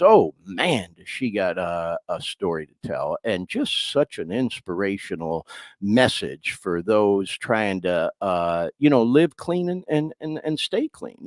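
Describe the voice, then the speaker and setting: Male podcast host, heartfelt and choking up, drawn-out delivery, dry close sound. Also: mid-range voice, no echo. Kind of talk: casual podcast talk.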